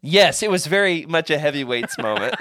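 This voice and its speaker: A man's voice: a little high, moderate pace, no room sound, clean studio sound. A man co-hosting a casual podcast, rambling through stories with restarts and acting out the people in them. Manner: rambling anecdotes with restarts and animated quoted voices. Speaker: podcast co-host. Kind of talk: casual chat.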